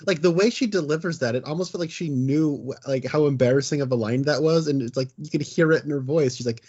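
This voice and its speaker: A man's voice: on the high side, fast, few pauses, darkish tone, slightly rough, lo-fi sound. A man co-hosting a podcast, casually critiquing a film in a hesitant, self-deprecating way. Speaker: podcast co-host.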